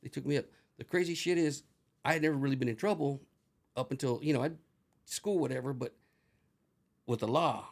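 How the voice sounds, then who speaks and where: A man's voice: medium pitch, brisk, creaky, long pauses. A middle-aged man, a retired corrections officer, telling rambling, profane stories as an interview guest. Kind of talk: casual storytelling.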